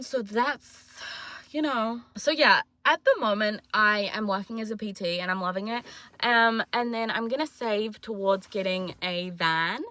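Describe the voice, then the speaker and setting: A woman's voice: mid-range voice, expressive, normal speed, pushed and bright, dry recording. A twenty-year-old woman with a New Zealand accent, talking in a chatty, self-mocking, jokey way in a casual confessional vlog. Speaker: vlogger.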